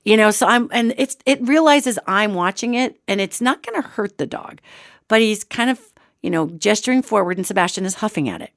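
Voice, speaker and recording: A woman host telling an animated story in a casual, expressive way, acting out quotes. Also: medium pitch, fairly quick, dry recording, clean studio sound. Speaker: radio show host.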